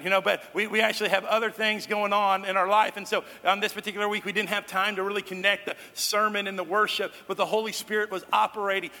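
A man preaching to his congregation as pastor, talking in a relaxed way with joking asides to the crowd, recorded in a church hall. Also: high-pitched. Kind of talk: sermon. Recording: long hall reverb.

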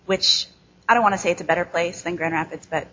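A woman in her thirties from Chicago with a nasal American Midwest accent, giving a candid, self-deprecating talk to a church audience with many ums and halting restarts. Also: lowish voice, bright, forceful tone, slightly rough, highs cut off. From Chicago, USA. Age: 30s. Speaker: guest speaker. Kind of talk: conversational speech to a church audience.

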